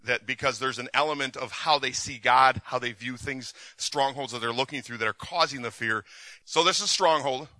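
Bright-voiced man preaching casually. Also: mid-range voice, normal speed, no room sound. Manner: conversational, with repeated restarts and acted quotes. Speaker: pastor. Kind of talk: sermon with Q and A. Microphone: recorded for the session.

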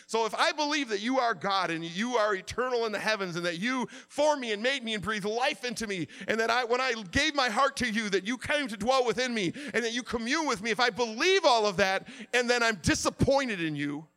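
Impassioned high-voiced male preacher. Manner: impassioned, swings from quiet to shouting. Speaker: pastor. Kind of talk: sermon.

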